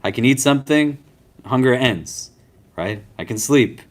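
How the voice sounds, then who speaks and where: A man's voice: medium pitch, unhurried. A man teaching a class on prayer in a casual, conversational way, often checking in with his students.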